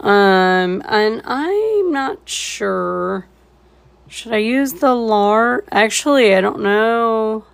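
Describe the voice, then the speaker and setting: Woman painting instructor, live tutorial, gravelly, slow and easygoing. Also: fairly high pitch, animated. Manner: laid-back and chuckling, thinks aloud.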